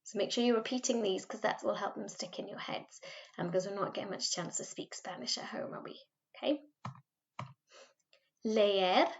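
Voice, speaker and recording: A woman with a Welsh accent leads a recorded school Spanish lesson from home, sounding out each phrase slowly and patiently so pupils can repeat it. Her pitch sits in an ordinary middle range. The recording is slightly dull and lo-fi. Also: gravelly. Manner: patient, modelling words slowly for repetition. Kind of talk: recorded remote language lesson.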